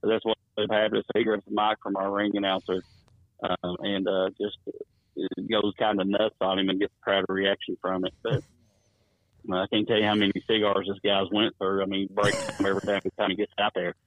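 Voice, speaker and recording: A wrestling promoter, telling stories in a rambling, chuckling way while calling in to an interview. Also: male voice, on the low side, little pitch movement, fairly quick, dry recording. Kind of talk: phone-in interview storytelling. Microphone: phone. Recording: tinny dry phone line.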